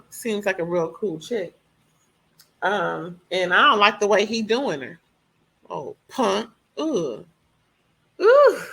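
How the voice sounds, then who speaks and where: A woman reviewing a reality TV reunion in casual chat, animated and opinionated, swearing freely. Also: medium pitch.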